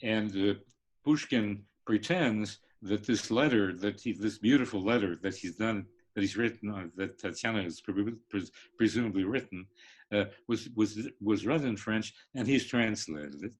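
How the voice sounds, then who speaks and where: Older male professor, husky tone, rambling lecture delivery with many fillers. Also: fairly low pitch. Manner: halting, many fillers and restarts, sings rhythms. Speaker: literature professor. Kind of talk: lecture-style discussion. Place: online live stream.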